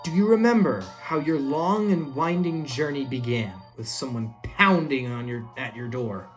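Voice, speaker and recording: A woman's voice: very deep voice, normal speed, faint music behind. A woman playing through a video game, reading the text aloud and reacting. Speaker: game streamer.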